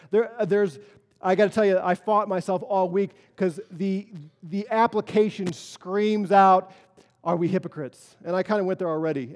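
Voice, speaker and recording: A man's voice: high voice, in a large hall. Earnest man preaching a sermon. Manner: earnest, swings between quiet solemn and emphatic. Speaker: pastor.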